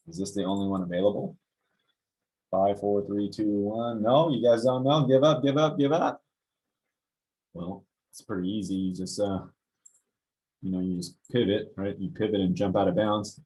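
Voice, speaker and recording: A young man, a basketball trainer, casually talking through game footage, getting animated and exasperated as he goes. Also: fairly low pitch, rough recording. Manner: animated, gets worked up and exasperated. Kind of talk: casual film-breakdown commentary.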